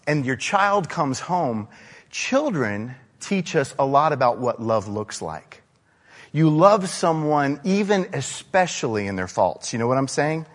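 This pastor's sermon echoes through a big church hall with a lingering reverb. Conversational and story-driven, he keeps asking his audience questions, speaking at an ordinary pace with a sing-song lilt in a middle male register.

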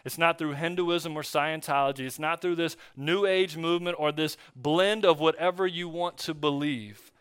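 Bright, crisp-voiced male pastor. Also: fairly high pitch, normal speed, hardly any pauses, no echo, clean studio sound. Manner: relaxed storytelling with fillers and restarts. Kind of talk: conversational sermon. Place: church.

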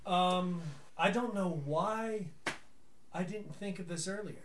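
A man's voice: high-pitched, takes it slowly, slight background noise. Man rambling in wordy, formal phrases. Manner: hesitant, wordy and playfully formal. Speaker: player.

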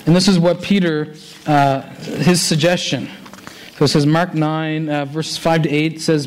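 Animated man preaching, fairly high voice. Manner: animated, switches between fast asides and slow, stressed phrases. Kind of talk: sermon with scripture reading.

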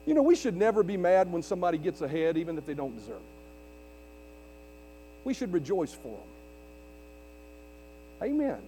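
This pastor's voice is high and sing-song, warm in tone, moving at a moderate pace with frequent pauses. He drives home his sermon with mounting emphasis and questions thrown out to the congregation, while a big hall's long reverb and a mains hum fill the recording.

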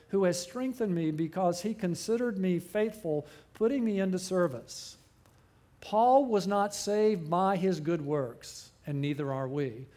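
A middle-aged man preaching a sermon, animated, with big swings up and sudden drops. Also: high voice. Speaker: pastor.

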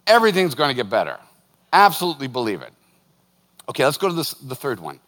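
Lively joking pastor in a reverberant hall. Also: male voice, medium pitch, quick pace. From northern United States. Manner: lively, joking, animated storytelling. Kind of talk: sermon. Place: church hall.

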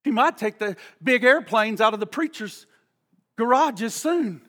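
A high, piercing male voice preaches with fervor, leaping from shouts down to hushed asides. He is a middle-aged pastor, and his words carry a long echo through a church hall. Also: expressive, measured pace. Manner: fervent, emphatic preaching that swings from shouts to hushed tones. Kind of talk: sermon.

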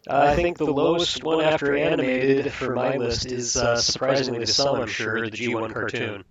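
A man's voice: mid-range voice, fairly even intonation, normal speed, dull audio. Opinionated man over crowd noise. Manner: opinionated, reviewing in detail. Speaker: podcast co-host. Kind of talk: casual chat.

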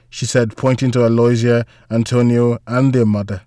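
A man reads a novel aloud in a measured, even storytelling manner, his voice close and dry with no room around it. His pitch sits in an ordinary middle range. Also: dry recording. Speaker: audiobook narrator. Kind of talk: scripted narration.

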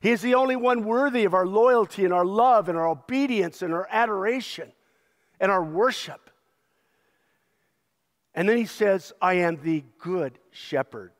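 A man's voice: sits high, normal speed, pauses often, long reverb tail. A male pastor preaching a sermon with an emphatic, repetitive cadence.

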